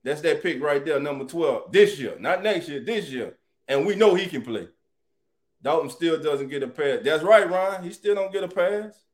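A man hosts a casual live sports talk stream. His voice sits a bit high for a man. He talks in an animated way and greets his viewers by name as family. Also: normal speed. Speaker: sports talk show host.

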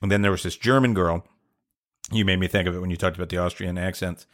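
A man's voice: sits low, fairly even intonation, fast talker. A middle-aged man co-hosting a podcast, telling a long, rambling, self-deprecating story in casual chat. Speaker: podcast co-host.

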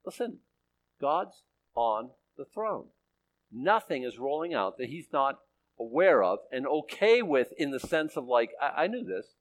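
Male pastor, sermon, chatty and animated, pitch leaps around a lot. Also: a little slow, low-quality recording. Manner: conversational, animated, often checks in with okay?.

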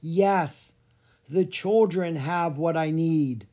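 A storybook reader voicing a mournful, restless female ghost with a wailing, drawn-out delivery. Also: mid-range voice, warm tone.

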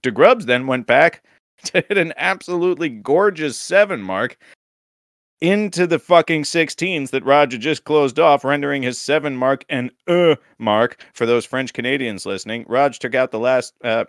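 A man's voice: mid-range voice, moderate pace, no room sound, studio quality. A man co-hosting a casual podcast, recapping league results with teasing, crude jokes. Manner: joking, teasing, crude humor. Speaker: podcast co-host.

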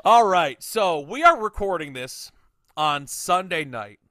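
A man's voice: sits high, a little slow, dry recording, studio quality. A young man from Connecticut hosting a casual podcast chat, laughing often, swearing and quizzing his co-hosts. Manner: laughs often, swears, animated quiz-giving. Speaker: podcast host.

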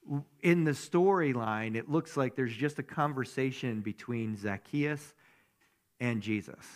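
A man's voice: mid-range voice, a little slow. A man giving a conversational sermon as a pastor, who keeps asking his listeners rhetorical questions.

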